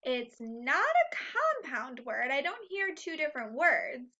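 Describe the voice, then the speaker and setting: A woman teacher leading a phonics lesson for young children, speaking slowly and clearly, repeating each word three times and cheering the class on, on a slightly dull, lo-fi recording. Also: sits high, very animated, bright, forceful tone. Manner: encouraging, upbeat.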